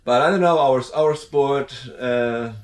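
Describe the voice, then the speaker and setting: A man's voice: medium pitch, slow. A middle-aged man with a Swiss accent, chatting easily as a podcast guest and looking back on old times. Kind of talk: casual interview chat.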